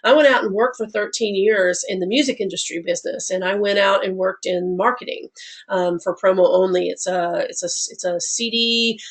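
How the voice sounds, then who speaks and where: A woman's voice: mid-range voice, normal speed. A woman in her forties with a Southern US accent, from Alabama, giving a live online class with a stuffy nose from a cold, friendly and rambling, with many fillers. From Alabama, USA. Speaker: online instructor.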